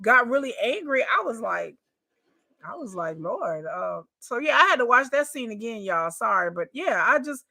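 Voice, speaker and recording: This woman's voice sits on the high side, creaky yet bright and forceful, very animated at normal speed. Reacting casually to a reality show, she chats, repeats herself, swears, and calls her viewers "y'all."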